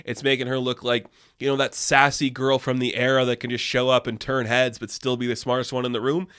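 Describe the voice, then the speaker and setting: A man's voice: medium pitch, little pitch movement, brisk, a bit bright, clean tone. A man giving a casual review, exasperated, sarcastic and swearing often. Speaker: video reviewer.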